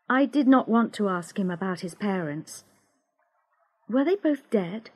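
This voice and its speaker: A woman narrating a graded-reader story for English learners in a slow, clear, expressive way. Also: mid-range voice. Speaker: audiobook narrator.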